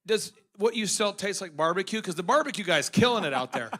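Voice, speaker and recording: A man's voice: high voice, expressive, brisk, fairly bright tone. A man from Minnesota hosting a live event, joking and teasing the crowd between introductions. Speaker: event host. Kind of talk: live emcee banter.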